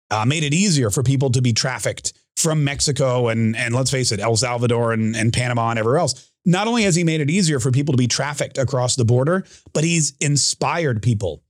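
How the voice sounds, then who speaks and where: A man hosting his own political podcast, talking in a rambling, boastful monologue full of restarts and animated asides. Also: mid-range voice, no echo, clean studio sound. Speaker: podcast host.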